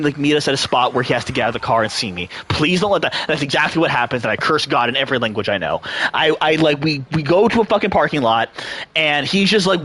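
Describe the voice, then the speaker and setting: A young man and gaming channel host telling a long personal story in a casual, animated way, swearing freely, laughing often and acting out the people he quotes. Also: mid-range voice, a little hiss or hum.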